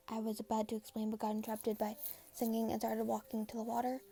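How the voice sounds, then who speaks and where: A woman reads fan fiction aloud in a casual, first-person way. Her voice sits a little high and carries a strong gravelly fry. The narration runs on loosely, with the feel of a home recording. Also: completely flat delivery, quick pace, warm tone. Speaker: fanfiction reader.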